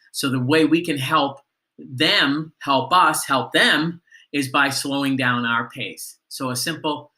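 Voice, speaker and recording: A man's voice: on the high side, sharp tone. A man giving a sales training lesson, coaching listeners on phone greetings and asking them questions.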